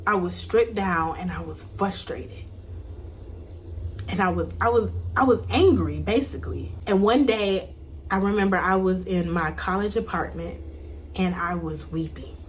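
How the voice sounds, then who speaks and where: A young woman telling a personal faith testimony in an earnest, repetitive, emphatic way, sometimes dropping to soft near-whispers. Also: mid-range voice, a little slow, slight background noise. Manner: drops to soft near-whispers when reliving prayers. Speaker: vlogger.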